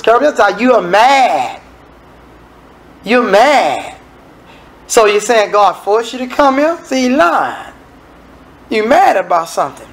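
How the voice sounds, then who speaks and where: Man, minister, sermon, high gravelly voice, animated. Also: poor audio. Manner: animated, conversational preaching with dramatic asides.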